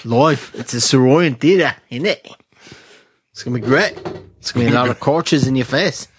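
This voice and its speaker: A man's voice: medium pitch, normal speed, a little hiss or hum, close to an everyday voice. A man doing a playful, exaggerated impression of a brash male blogger from Australia, with a put-on Australian accent. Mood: hamming it up.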